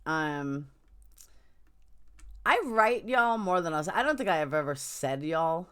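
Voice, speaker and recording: Her voice sits low and sounds animated yet measured, with a clean tone. She's a middle-aged New Yorker hosting an informal livestream from home, talking bluntly and bouncing between topics.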